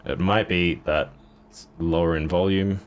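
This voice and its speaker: Deep-voiced blunt man reviewing gear. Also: fairly even intonation, a little slow, loud music behind the voice. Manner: blunt, offhand, swears casually. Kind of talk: casual gear demo talk.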